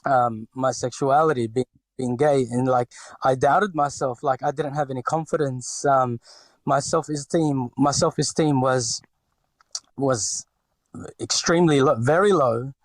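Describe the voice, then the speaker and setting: This Filipino man in his forties has a light accent and a medium-pitched voice that moves a little slowly, recorded without echo. He's a podcast guest who speaks hesitantly, full of fillers and restarts.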